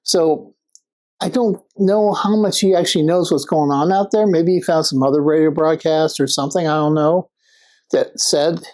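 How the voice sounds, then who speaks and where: A woman's voice: sits low, normal speed, a little mellow. A woman casually recapping and reviewing a TV episode, rambling and speculating, with fillers and restarts. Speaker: TV show reviewer.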